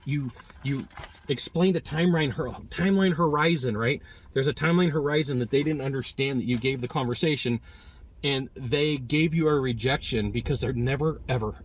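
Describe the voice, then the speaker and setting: A man giving a casual spoken sales lesson, telling stories and acting out customers' lines with lively swings in voice. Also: mid-range voice, breathy edge. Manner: animated storytelling, acting out customer quotes. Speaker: sales trainer.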